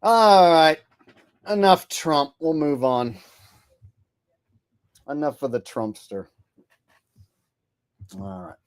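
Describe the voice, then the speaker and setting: A man's voice: a little high, very animated, takes it slowly, long pauses, clear, resonant tone, dry recording. A man hosting a livestream, crude and joking, laughing between remarks. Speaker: livestream host. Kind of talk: casual commentary.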